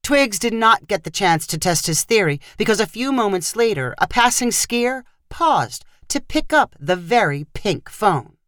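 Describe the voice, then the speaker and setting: A woman narrating a fiction short story with expressive delivery. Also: medium pitch, measured pace, hardly any pauses, no echo, clean studio sound.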